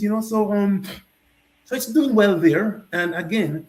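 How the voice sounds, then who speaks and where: A Jamaican man with a noticeably high voice, a festival founder interviewed on a talk show. He talks in an animated, storytelling way, often restarting his sentences, and his voice rings in an echoey room. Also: fairly quick.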